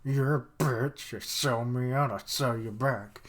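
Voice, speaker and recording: A man's voice: mid-range voice, steady tone, a little slow, close to an everyday voice. A man voicing a brash, vengeful young woman trainee, coarse and mocking. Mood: defiant.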